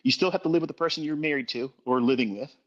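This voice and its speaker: A middle-aged man delivers a blunt, profanity-heavy livestream rant, hammering his points home with repetition. His voice sits a little high for a man. The sound is dull and lo-fi, like a streamed recording. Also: very fast. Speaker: trading educator on a livestream.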